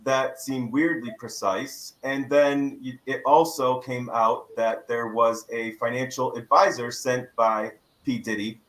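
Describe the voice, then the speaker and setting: A man talks through a lawsuit in a measured, explanatory way, like an attorney on a podcast panel. His voice is bright and forward. The room around him is echoey. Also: mid-range voice, steady tone.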